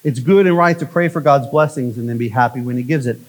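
A male pastor delivering a conversational sermon, often checking in with "right?" and swinging from emphatic lines to hushed ones. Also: mid-range voice, fast talker, rough recording.

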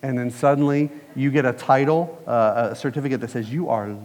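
A man's voice: mid-range voice, fairly even intonation, brisk, darkish tone, in a large hall. A man preaching a sermon as pastor, conversational and putting questions to the congregation.

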